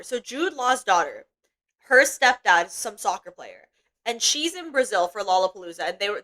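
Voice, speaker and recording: Eating in front of a desk mic, a young woman rambles through a casual livestream chat, swearing freely and using lots of fillers. Her mid-range voice sounds pushed and bright, and the audio quality is poor.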